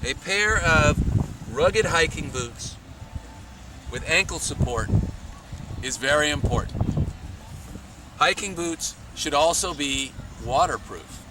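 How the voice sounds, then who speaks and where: A man explains backpacking clothing to scouts in a steady, deliberate instructional tone. He is recorded outdoors from a distance, so the voice sounds far from the mic. Loud wind and traffic noise run underneath him. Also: on the high side. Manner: measured, plain, deliberate explaining.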